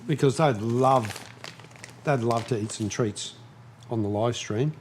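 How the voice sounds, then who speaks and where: A man hosting a casual live stream from his shed, chatting slowly and snapping commands at his dogs. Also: medium pitch, slight background noise. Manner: slow, chatty, scolding his dogs in sharp bursts. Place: home workshop shed.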